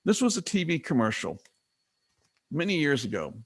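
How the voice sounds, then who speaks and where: A middle-aged man presenting a business training webinar, teaching in a conversational way and retelling stories with quick acted quotes. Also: a little high, wildly swooping pitch, husky.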